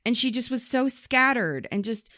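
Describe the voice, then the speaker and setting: A woman's voice: a little high, moderate pace, no echo, clean studio sound. A woman hosting a podcast in casual chat, telling stories with lots of swearing and acting out the people she quotes. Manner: animated storyteller, swears freely, acts out quoted people. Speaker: podcast host.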